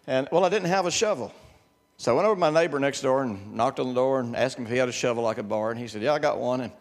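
A man's voice: medium pitch, rapid-fire, big-room sound. An older man preaching a sermon, telling folksy personal stories and repeating words for emphasis.

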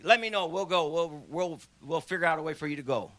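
Bright-toned excitable man in his sixties. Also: fairly high pitch, a little fast, no echo. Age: 60s. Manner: folksy, excitable, exhorting. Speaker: missionary singer. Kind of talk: informal testimony at a church conference.

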